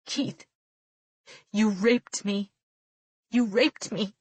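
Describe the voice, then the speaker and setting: A woman's voice: drawn-out words, a little mellow, no room sound. A woman voicing a frightened young woman who pleads and weeps in an audiobook. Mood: broken. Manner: pleading, high and shaky.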